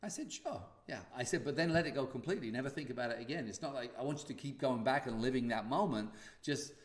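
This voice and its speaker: Animated man telling a story in a roomy space. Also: mid-range voice, fast. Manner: animated, acts out dialogue. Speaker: podcast host. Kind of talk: casual storytelling.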